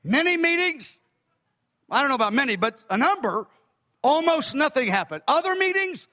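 Older male preacher, very high bright voice, emphatic storyteller, echoey hall. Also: sing-song, normal speed. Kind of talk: sermon.

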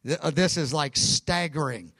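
A man preaching a Bible teaching, fervent and emphatic, with quick asides and self-corrections. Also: a little high, fairly bright tone, no echo. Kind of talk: sermon-style Bible teaching.

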